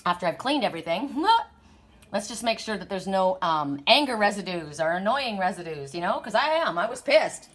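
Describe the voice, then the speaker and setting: A woman's voice: medium pitch, sing-song, moderate pace. A woman with a sore throat giving a casual, rambling oracle card reading, stressing her points with many restarts.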